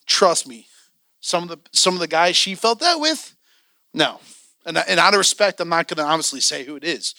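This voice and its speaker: A man's voice: a little high, animated, fairly quick, long pauses, pushed and bright, dry recording, clean studio sound. A man teaching a church training class, candid and joking, acting out the voices he quotes.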